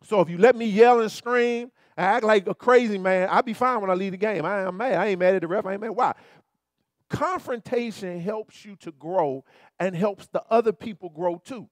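A man pastor preaching a sermon in an animated, colloquial way, turning often to his listeners with repeated asides. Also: high-pitched, fairly quick, no echo.

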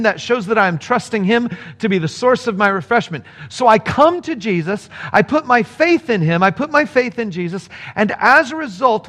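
A male pastor preaching a sermon to his congregation, earnest and animated, speeding up in bursts and slowing down for emphasis. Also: very high-pitched. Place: speaking to a remote congregation.

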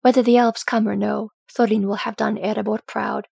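A woman's voice: medium pitch, little pitch movement, moderate pace, gravelly, darkish tone, husky, no echo, studio quality. Dís, a woman reading as a proud, grieving dwarf noblewoman. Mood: restrained. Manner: tight, restrained.

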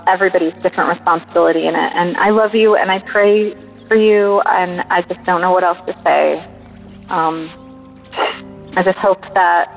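A woman caller speaks in a gentle, hesitant way, with soft affection in her words. Her voice comes through a thin, tinny phone line. Faint music plays underneath. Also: medium pitch. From New York. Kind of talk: recorded voicemail to a podcast.

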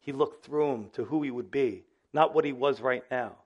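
A male pastor preaching a sermon in an animated, conversational way, often speaking straight to his listeners. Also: medium pitch, moderate pace, slightly rough, lo-fi sound.

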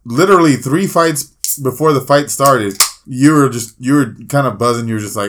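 A man's voice: mid-range voice, brisk. A man co-hosting a fight podcast, riffing crude jokes and laughing at his own bits. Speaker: podcast co-host. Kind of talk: casual profane chat.

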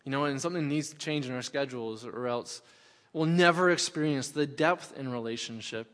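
A man's voice: mid-range voice, fairly quick, a bit bright. A middle-aged man, a pastor, preaching a sermon in a conversational way, repeating key phrases for emphasis. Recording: long hall reverb.

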